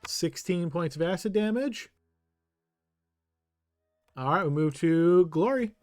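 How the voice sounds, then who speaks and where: A man's voice: sits high, expressive, slow, a little mellow, dry recording, clean studio sound, soft background music. A man running a tabletop game as game master, patiently explaining rules and thinking aloud.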